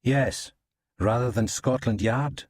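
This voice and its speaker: A man's voice: medium pitch, dry recording, clean studio sound, voice pushed up. A man doing a laconic crime-squad detective. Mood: explaining. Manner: measured, explaining.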